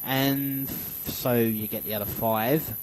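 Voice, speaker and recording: A man's voice: medium pitch, fairly even intonation, slow, darkish tone, slight background noise, low-quality recording. A man hosting a casual radio show, rambling with many fillers and restarts and joking about himself into a studio microphone. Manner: joking, self-mocking. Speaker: radio host.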